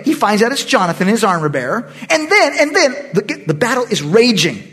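A man pastor leading a Bible study, animated and acting out the voices of the people in the story. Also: very high-pitched, normal speed, slightly rough. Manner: animated, acts out quoted voices. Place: church meeting room.

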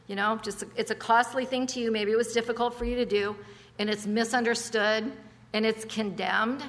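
A woman's voice: on the high side, steady tone, moderate pace, big-room sound. A woman preaching a conversational sermon, emphatic, with chatty asides and rhetorical questions.

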